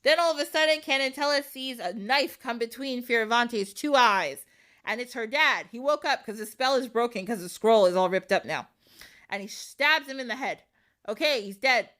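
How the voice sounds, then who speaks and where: Young female podcast host, animated casual storyteller, salty language, slightly high pitch. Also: moderate pace. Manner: animated, swears freely, acts out quotes.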